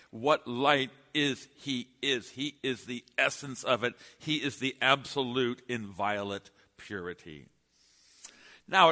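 A man preaching a sermon, emphatic, with dramatic pauses. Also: medium pitch, sharp tone. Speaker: pastor. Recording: long hall reverb.

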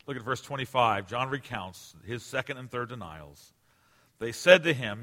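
A man in his forties preaching a sermon as pastor, emphatic, swinging between loud declarations and hushed asides. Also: medium pitch, animated, normal speed. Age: 40s. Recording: long reverb of a large hall.

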